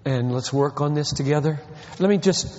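Emphatic high-voiced male preacher. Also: normal speed. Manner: emphatic, rhetorical questions, swings from quiet to loud. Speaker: pastor. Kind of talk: sermon. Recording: dull lo-fi recording in a reverberant hall.

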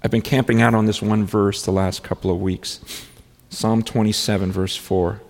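Man, pastor, sermon, earnest, repetitive, halting restarts, long hall echo. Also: on the low side, level tone, gravelly, a little mellow.

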